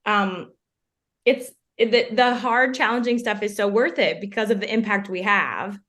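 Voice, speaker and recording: A woman's voice: mid-range voice, a bit bright. A middle-aged woman hosting a podcast, reading a careful introduction and then asking questions. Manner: measured, reads introduction carefully. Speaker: podcast host, teacher. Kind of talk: scripted intro then interview.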